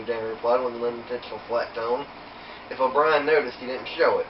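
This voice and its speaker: A man's voice: medium pitch, fairly even intonation, a little fast, noisy background. Man reading a story in an echoey room. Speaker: author reading his book. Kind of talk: reading fiction aloud. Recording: roomy, distant, dull home recording.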